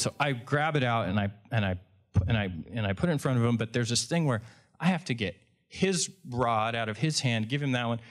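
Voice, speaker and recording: A man, a fishing guide, telling a story at a live event in a conversational way, often restarting and correcting himself. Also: mid-range voice.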